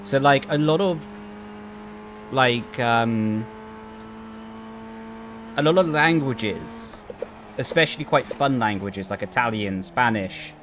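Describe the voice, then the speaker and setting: A young man streaming a racing game from his home rig, chatting casually and rambling as he reads chat aloud, with a flat intonation, into a headset mic. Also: mid-range voice, measured pace, long pauses, noisy background. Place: home sim rig room.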